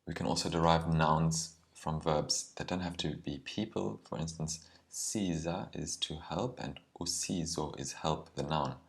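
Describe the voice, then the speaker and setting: Very deep-voiced male language teacher. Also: creaky. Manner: careful and explanatory, with some ums and slowed words. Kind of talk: explanatory language lesson.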